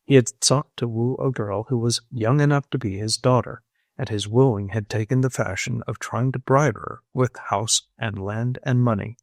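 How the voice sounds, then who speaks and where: A man reads a novel aloud in a measured, even storytelling voice of middling pitch. He sits close to the microphone, and the sound is dry, with no trace of the room. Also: dry recording. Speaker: audiobook narrator. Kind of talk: scripted narration.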